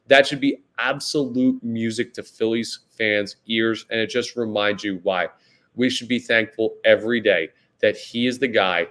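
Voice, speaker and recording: A man's voice: fairly low pitch, steady tone, moderate pace, a bit bright. A man hosting a solo sports podcast, talking casually and rambling, often saying "guys" and "like". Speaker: podcast host.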